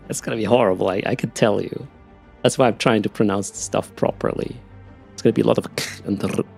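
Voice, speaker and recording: A man's voice: lowish voice, steady tone, moderate pace, creaky, long pauses, darkish tone, faint music behind. A man with a Swiss German accent chatting casually with his live-stream audience while playing, often repeating words as he starts a sentence. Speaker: game streamer.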